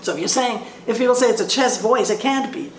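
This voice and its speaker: A woman voice teacher explaining vocal placement in a slow, halting way, often restarting her sentences. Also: on the high side, expressive. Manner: explains slowly with frequent restarts. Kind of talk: instructional talk with sung demonstrations. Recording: roomy echo with faint ambient noise.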